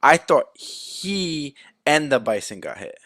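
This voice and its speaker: Bright, animated man asking puzzled questions. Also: a little high, slow pace, dry recording, studio quality. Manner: lively, incredulous questioner. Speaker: podcast co-host. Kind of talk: casual chat.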